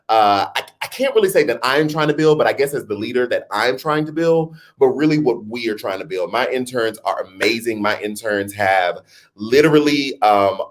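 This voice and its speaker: Chatty man hosting a live stream. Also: mid-range voice. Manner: chatty, talks straight to viewers, laughs at himself; jokingly puts on a newscaster voice. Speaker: host. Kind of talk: casual live-stream chat.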